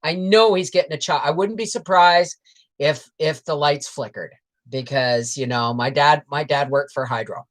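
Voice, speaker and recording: On a casual livestream, a woman who hosts a homestead channel tells rambling, frank family stories sprinkled with swears and laughter, greeting viewers and reading their comments in between. Her voice sits low and moves at normal speed.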